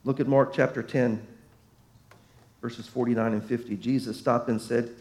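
A man's voice: mid-range voice, normal speed, darkish tone. A man preaching a sermon as pastor, emphatic, his voice swelling and dropping to drive points home.

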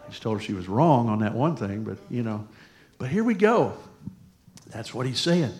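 A middle-aged man preaching a sermon, with a pitch sitting in the middle of the male range. He is folksy and chatty, slipping personal stories between scripture readings. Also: animated, normal speed, a little mellow. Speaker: pastor.

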